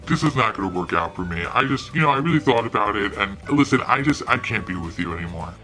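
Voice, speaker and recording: A woman voicing an awkward young male coworker who talks in a hesitant, halting way. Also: a bass voice, expressive, fairly bright tone, faint music behind, pitched below the performer's own voice. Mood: flat, halting.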